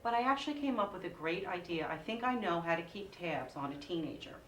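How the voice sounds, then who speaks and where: A woman in her forties doing a stand-up comedy set, with lively delivery and sing-song voices for her kids. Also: on the low side, fast, a little hiss or hum. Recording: echoey room, mic at a distance.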